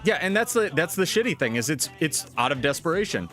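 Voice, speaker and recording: A man streaming live, venting in a loose, swear-heavy rant with a lively, up-and-down voice that swings widely in pitch. He talks casually to his chat, sounding fed up, while faint music plays underneath. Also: brisk. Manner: ranting, profane, exasperated.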